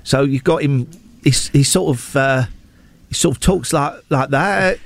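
A man's voice: mid-range voice, unhurried, gravelly, no echo. A middle-aged man, hosting a casual chat and telling stories with wry asides. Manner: animated storytelling, wry asides. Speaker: radio show host.

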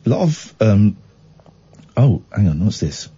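A man's voice: on the low side, big pitch swings, a little slow, dark tone, husky. A man hosting late-night radio, bantering with a co-host in mock outrage. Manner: playful, mock-outraged teasing. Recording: dull lo-fi radio studio sound.

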